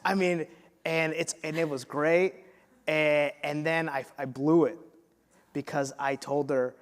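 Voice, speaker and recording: A man's voice: on the high side, steady tone, clean tone. Laughing male interviewer on a reverberant stage. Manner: chatty, laughs often, halting restarts when asking questions. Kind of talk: casual onstage conversation. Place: stage in an auditorium. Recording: long hall reverb, faint noise.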